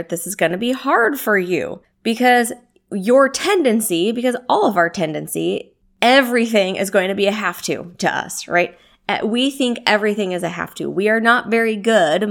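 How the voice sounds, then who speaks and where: A woman at an ordinary mid pitch teaches about self-care in a loose, chatty way. She keeps checking in with listeners through rhetorical questions and a quick "right?", and laughs easily along the way. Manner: conversational, with frequent rhetorical questions and tag "right?"; laughs easily while speaking. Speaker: wellness coach. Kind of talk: self-help teaching talk.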